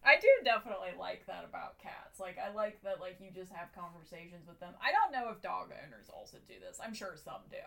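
A young woman co-hosting a podcast, chatting in a relaxed way with many filler words. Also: lowish voice, brisk, vocal fry, few pauses. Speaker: podcast co-host. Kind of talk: casual chat.

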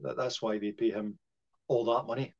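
A man talks football on a podcast in an easy chat. He stops and restarts often and leans on fillers as he thinks aloud. The recording sounds muffled and lo-fi, and his pitch sits in the middle. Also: steady tone, moderate pace, gravelly, a little mellow. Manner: hesitant, lots of fillers and restarts. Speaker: podcast co-host. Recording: muffled lo-fi audio.

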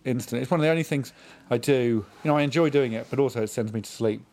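A man hosting a relaxed remote chat from home, his voice in a middle range. He asks questions drily and slips in teasing jabs at his guest. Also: medium pitch, racing, noisy background. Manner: dry, teasing interviewer. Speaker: host. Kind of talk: casual chat.

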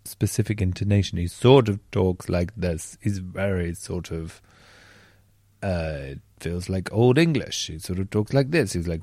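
A man hosts a podcast in a relaxed, earnest way, leaning on fillers as he talks. His voice is low-set and mellow. The sound is close and dry. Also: unhurried, no room sound. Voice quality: chatty, earnest, uses many fillers. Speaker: podcast host. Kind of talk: casual chat. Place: at home in bed.

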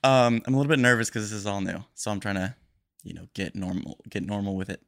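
Young male podcast host, lowish voice, fast rambling chat with nervous energy. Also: steady tone, gravelly, fairly bright tone. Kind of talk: casual solo podcast monologue.

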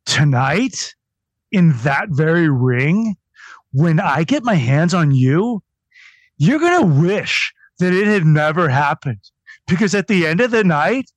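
A blustering male wrestler cutting a stock promo, as a man parodies him. He rolls out canned tough-guy threats in a sing-song cadence, slowly and deliberately. The sound is close and dry. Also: on the high side, sing-song, no echo, full character voice, low-quality recording. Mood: threatening.

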